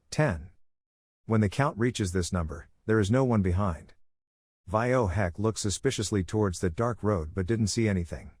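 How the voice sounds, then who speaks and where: A man narrating a comic story recap in a steady storytelling manner. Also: lowish voice, breathy edge, dry recording, studio quality.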